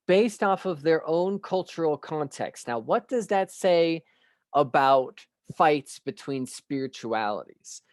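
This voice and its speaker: A man giving an unscripted spiritual studies lecture, measured and musing, pausing often and posing rhetorical questions. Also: on the high side, darkish tone, no echo, studio quality. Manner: clears his throat now and then.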